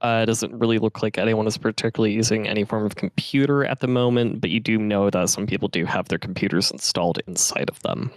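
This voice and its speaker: A man with a low, fairly deep voice runs a tabletop game, describing scenes in a loose, casual way. The sound is dry and close, with almost no room around it. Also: quick pace, hardly any pauses, dry recording. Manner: casual, relaxed scene-setting with fillers. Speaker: game master.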